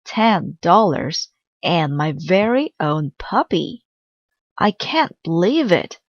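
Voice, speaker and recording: A woman's voice: fairly low pitch, big pitch swings, takes it slowly, no room sound, heavily acted. A woman voicing an earnest, caring young boy in a storybook read-aloud. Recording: slightly dull dry recording.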